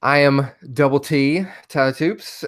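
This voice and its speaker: A man's voice: mid-range voice, steady tone, unhurried, clear, resonant tone. An easygoing man hosting a podcast, introducing guests and steering the chat. His voice sits in a middle range with an ordinary delivery. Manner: easygoing, leads the segments. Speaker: podcast host. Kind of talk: casual chat.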